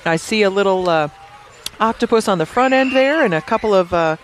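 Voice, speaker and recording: A woman's voice: mid-range voice, expressive, fairly quick. A woman calls a night-time street parade live, trading easy banter and reading sponsor blurbs. She sounds chatty and amused. Faint vehicle noise hums in the background. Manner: chatty and amused, laughing often between scripted reads. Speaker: parade commentator.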